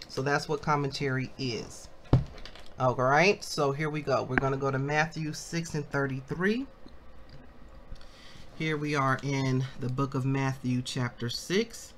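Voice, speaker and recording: A woman leading a Bible study, reading commentary aloud slowly and breaking into excited exclamations, calling her listeners family. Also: a bass voice, slight background noise. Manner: slow and deliberate, bursts into excited exclamations; addresses listeners as family, asks them questions.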